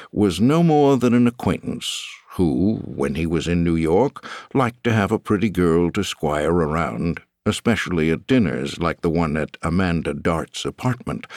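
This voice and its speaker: Deep-voiced male audiobook narrator. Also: animated, a little slow, no room sound, clean studio sound. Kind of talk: scripted narration.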